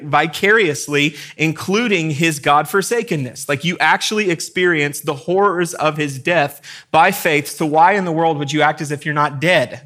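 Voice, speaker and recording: A man's voice: a little high, bright, forceful tone. Emphatic conversational male pastor. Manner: conversational, emphatic, acts out quotes. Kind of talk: sermon. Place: church room with congregation.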